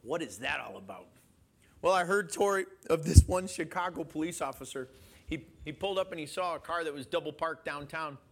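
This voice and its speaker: Animated bright-voiced male preacher. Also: a little high, fairly quick. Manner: animated, questions the congregation, chuckles. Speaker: pastor. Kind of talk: sermon.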